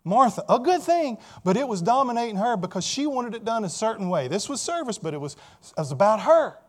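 Male pastor, sermon delivery, high voice with wide swings, peppers listeners with questions. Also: very animated, a little fast. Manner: preaching, keeps asking listeners rhetorical questions.

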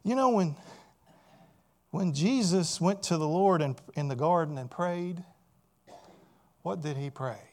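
A man's voice: a little high, a little slow, pauses often, a little mellow. A man preaching a sermon as a pastor, often asking his listeners rhetorical questions.

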